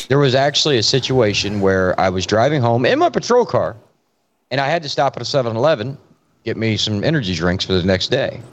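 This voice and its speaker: Man swapping cop stories on lo-fi audio. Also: medium pitch. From Florida. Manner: storytelling, swears freely, relaxed drawl. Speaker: podcast co-host, police officer. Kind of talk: casual chat.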